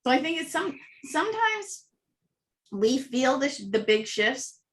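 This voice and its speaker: A woman telling animated anecdotes as an interview guest, acting out little voices and laughing often. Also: high voice, measured pace. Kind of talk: casual storytelling interview.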